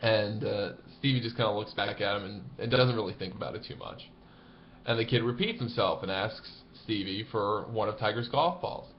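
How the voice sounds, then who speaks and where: A man with a low voice tells a story in a relaxed, chatty way and gets animated as he goes. The audio is a bit dull and lo-fi. A faint hiss sits under his voice. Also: moderate pace. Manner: conversational, animated, laughs while telling. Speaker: golf blogger. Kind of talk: casual storytelling to camera.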